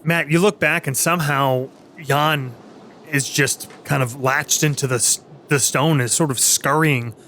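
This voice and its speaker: A man narrating as game master in a tabletop game, halting and full of fillers and restarts. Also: fairly high pitch, steady tone, a bit bright, a little hiss or hum.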